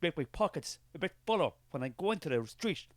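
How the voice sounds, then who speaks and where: A man's voice: on the high side, big pitch swings, fairly quick, no echo. An Irish man playing a suspicious, money-minded male skeptic who answers in a scornful, defensive and dismissive way in a comic character sketch.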